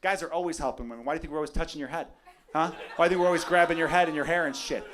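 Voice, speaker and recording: A man's voice: fairly high pitch, rapid-fire. A male stand-up comedian from Chicago, brash and profane, riffing at a live club audience. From Chicago, USA. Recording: live club recording with loud crowd. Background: audience laughter.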